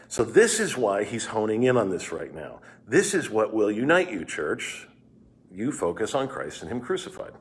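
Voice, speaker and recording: A man's voice: mid-range voice, husky. A male pastor giving a devotional Bible teaching, explaining scripture verse by verse in an earnest, explanatory way and reading passages aloud.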